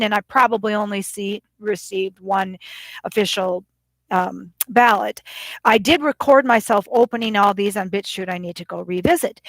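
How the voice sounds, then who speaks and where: A woman's voice: fairly high pitch, a bit bright. A woman vlogger retelling a phone call in an agitated, rambling way, often quoting both sides. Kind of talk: casual vlog rant.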